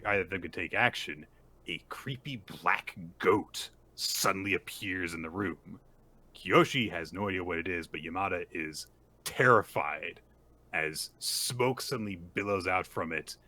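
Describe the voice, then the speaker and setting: Bright-voiced man recapping a story. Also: deep voice. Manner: animated storytelling, acts out character lines. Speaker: podcast co-host. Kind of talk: casual chapter recap.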